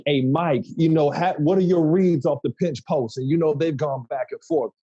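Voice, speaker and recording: Husky co-host dude, playful slangy questions, kinda muffled lo-fi audio. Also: male voice, a little high, normal speed, mellow. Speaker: podcast co-host. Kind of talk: casual podcast chat. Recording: dull lo-fi sound.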